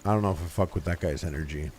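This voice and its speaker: A man's voice: deep voice, rapid-fire, darkish tone, a little hiss or hum. Profane joking streamer man. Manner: profane, joking, mimics game characters. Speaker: livestreamer. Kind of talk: casual gameplay commentary.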